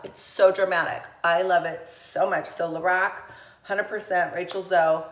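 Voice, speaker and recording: A woman's voice: lowish voice, roomy sound. A woman chatting through a makeup tutorial in a gushing, enthusiastic way. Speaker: beauty vlogger. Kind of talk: casual makeup tutorial chat.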